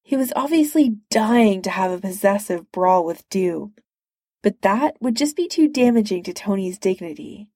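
A woman reading a superhero story aloud with even, unhurried narration. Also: medium pitch, dry recording, studio quality. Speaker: reader. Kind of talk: reading fan fiction aloud.

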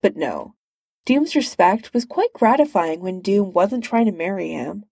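Unhurried woman reading a story. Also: medium pitch, very animated, vocal fry, mellow, breathy edge, no room sound, clean studio sound. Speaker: reader. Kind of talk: reading fan fiction aloud.

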